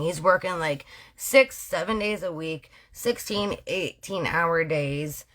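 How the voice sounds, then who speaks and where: A woman's voice: on the low side, unhurried, few pauses, a bit bright. Playful slangy Canadian woman storyteller. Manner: slangy, playful, self-correcting. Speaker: storyteller host. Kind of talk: casual true-crime storytelling.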